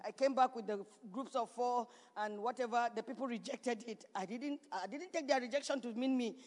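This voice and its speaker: A woman pastor preaching a sermon in a church, building to shouts and repeating her points. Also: a little high, a little fast. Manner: preaching with rising shouts and repetition. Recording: reverberant church hall.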